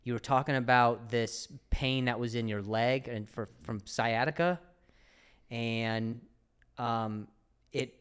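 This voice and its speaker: A man hosting a casual studio interview, earnest and halting as he asks his guest questions. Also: mid-range voice, fairly even intonation, fairly bright tone, smooth. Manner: earnest, halting, with many restarts. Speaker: podcast host.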